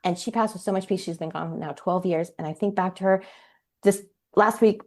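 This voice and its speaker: A woman's voice: mid-range voice, fairly quick, a little mellow. A woman in her forties, a parenting coach on a podcast, telling stories animatedly and acting out quoted dialogue. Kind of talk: podcast interview storytelling.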